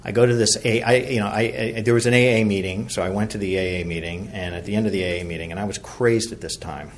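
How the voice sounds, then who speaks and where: A middle-aged man from Virginia tells his recovery story in a rambling, self-deprecating way, full of fillers and restarts. His voice sits a little low. A faint hum of room noise runs behind him. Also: fairly even intonation, fast. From Virginia, USA. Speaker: recovery meeting speaker.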